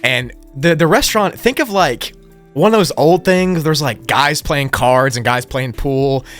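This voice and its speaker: A man's voice: a little high, unhurried, fairly bright tone, faint music behind. A man co-hosting a podcast, telling stories in a jokey, teasing way. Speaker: podcast co-host. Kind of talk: casual storytelling chat.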